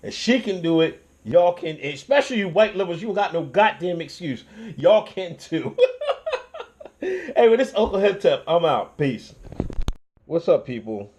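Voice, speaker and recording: A man's voice: high voice, moderate pace, muffled recording. A young man hosting his own channel, ranting in casual commentary with lots of swearing and restarts. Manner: profane, animated ranting with restarts and laughs.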